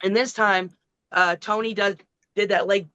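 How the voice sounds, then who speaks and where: A middle-aged woman, a wrestler, telling a long story in a casual, profane, animated way. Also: medium pitch, normal speed, smooth, no echo, muffled recording. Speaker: wrestling guest.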